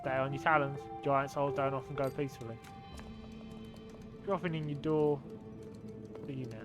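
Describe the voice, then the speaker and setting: Man doing a Cockney crow boss: gruff, grumbling, brash, over game music. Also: medium pitch, fairly even intonation, normal speed, close to an everyday voice. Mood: grumbling, bossy. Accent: put-on Cockney. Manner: blunt, chummy, grumbling. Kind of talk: reading game dialogue aloud in voice.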